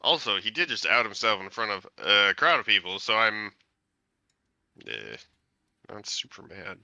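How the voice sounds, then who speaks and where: Male player, blunt and wry, sharp bright voice, lively pitch. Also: unhurried, creaky, dry recording. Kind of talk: casual tabletop role-play.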